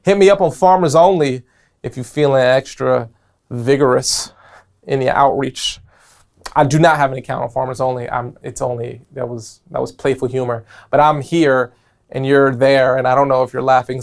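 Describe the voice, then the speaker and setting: A man's voice: mid-range voice, steady tone, normal speed, creaky. A young man from New York with a New York accent, hosting a solo motivational podcast in a playful, rambling way full of jokes and tangents. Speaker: podcast host.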